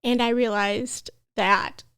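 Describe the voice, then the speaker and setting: Young woman, podcast guest, earnest storytelling, fairly high voice. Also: fairly even intonation, slow pace, a bit bright, smooth. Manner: earnest, emotional, tearful at times. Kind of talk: personal storytelling.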